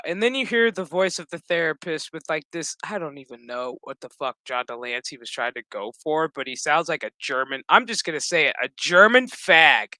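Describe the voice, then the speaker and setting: A woman in her thirties rants her way through a TV episode recap, swearing constantly and animatedly. Her voice is forceful and the sound is close and dry. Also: deep voice, moderate pace, few pauses, no echo. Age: 30s. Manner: ranting, heavy swearing, animated. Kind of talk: casual profane episode recap.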